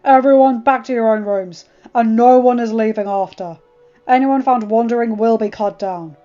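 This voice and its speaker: A woman voicing a stern male knight who barks orders loudly. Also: medium pitch, steady tone, normal speed, lightly acted. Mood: commanding. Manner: loud, barking orders. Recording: dull lo-fi with faint music.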